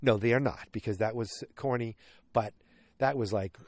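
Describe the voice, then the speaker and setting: A man's voice: on the low side, normal speed, a little mellow, no echo. A man hosting a casual movie podcast, rambling through the plot with joking asides and frequent self-corrections. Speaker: podcast host.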